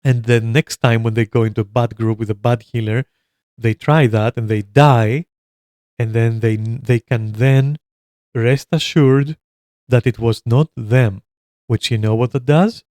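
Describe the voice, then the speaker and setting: A man's voice: mid-range voice, a little slow, dry recording. A man giving heated, profane commentary on online gaming, swearing constantly and mocking people as he goes. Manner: animated and mocking, laughs at his own jokes. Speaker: commentator reacting to a video.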